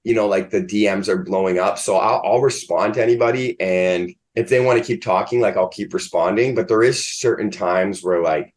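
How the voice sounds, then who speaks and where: A man's voice: lowish voice, moderate pace, few pauses. A man, a comedian guest in a casual interview, rambling and filling his talk with "like". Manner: rambling, filled with "like".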